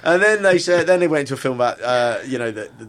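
A man's voice: medium pitch, quick pace. A man co-hosting a casual comedic chat, telling stories with wry humour. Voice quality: animated, wry storytelling. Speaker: podcast co-host.

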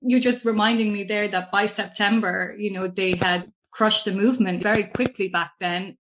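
A woman's voice: medium pitch, fairly even intonation, moderate pace, noisy background. Female co-host, conversational, mid-range voice. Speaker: podcast co-host. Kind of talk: interview questions.

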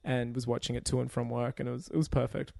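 A man's voice: mid-range voice, level tone, quick pace, vocal fry, a little mellow, no room sound, clean studio sound. A man co-hosting a podcast, talking casually and animatedly, laughing and swearing as he tells stories. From Australia. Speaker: podcast co-host. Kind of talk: casual chat.

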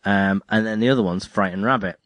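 A man's voice: fairly low pitch, fairly even intonation, a little fast, fairly bright tone, no room sound. A man hosting a podcast, chatting casually about music in a rambling, jokey way that keeps breaking off and restarting. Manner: rambling, self-interrupting, jokey. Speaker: podcast host.

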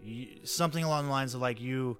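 A man's voice: medium pitch, moderate pace, a bit bright, soft background music. A man co-hosting a podcast, casually recapping an episode, laughing often, swearing and acting out characters' lines. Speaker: podcast co-host.

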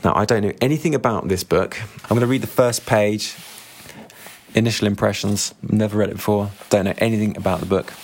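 A man with a lowish voice hosts a book club podcast. He reads a novel aloud in a measured, even way and breaks off for friendly remarks. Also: slight background noise. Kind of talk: reading a novel aloud and chatting about it.

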